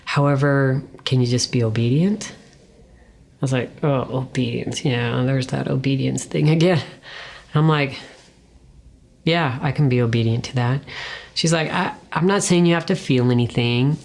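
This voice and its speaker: A low-voiced woman, a little mellow in tone, gives an earnest testimony as a guest. Her conversational, emotional storytelling has her acting out her own words and others', with whispers and pauses.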